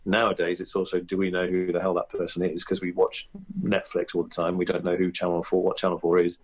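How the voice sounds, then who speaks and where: A male comedian talks through his craft as a podcast guest, husky and fairly low in pitch. He rambles in a chatty, reflective way, restarting sentences and tossing in asides. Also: monotone, quick pace. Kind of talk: podcast interview.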